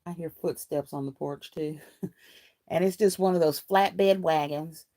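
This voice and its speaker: A woman's voice: low voice, fairly even intonation, unhurried, dry recording. Chatty woman hosting a craft livestream. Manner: chatty and folksy, laughs often, greets viewers warmly by name. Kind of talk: casual livestream chat, reading viewer comments aloud.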